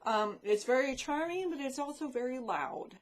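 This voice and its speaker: A woman's voice: high-pitched, animated, normal speed. A woman vlogging in a casual, rambling chat about films and shows she watched, swearing freely as she talks into a desk microphone.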